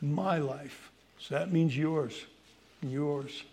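A man preaching a sermon, swinging from loud emphasis to hushed pleading as he addresses his congregation. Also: fairly high pitch, extremely slow. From Irish heritage. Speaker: pastor.

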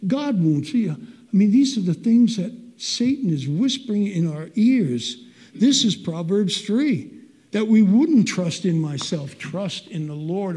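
A man's voice: sits high, darkish tone. An older man preaching a sermon in an earnest, conversational way with folksy asides.

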